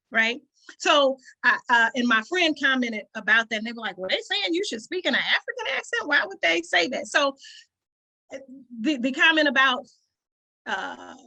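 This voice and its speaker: A woman's voice: fairly high pitch, sharp tone. A woman with a Southern country twang, hosting a community call and talking casually to the group, often checking in with "right?". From rural southern United States. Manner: conversational, frequent "right?" check-ins, occasional laughs. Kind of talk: casual talk to an online group.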